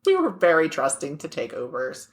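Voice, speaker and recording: A woman's voice: deep voice, huge pitch swings, moderate pace. A woman co-hosting a podcast in casual chat, laughing and acting out exchanges as she tells stories. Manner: laughing storyteller, acts out exchanges. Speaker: podcast co-host.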